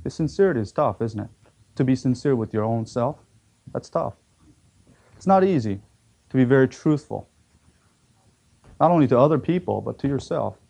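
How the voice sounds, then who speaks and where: A man's voice: medium pitch, lively intonation, moderate pace, creaky, long pauses, dark tone. A man preaching a sermon, telling a story with acted quotes and emphatic repetition.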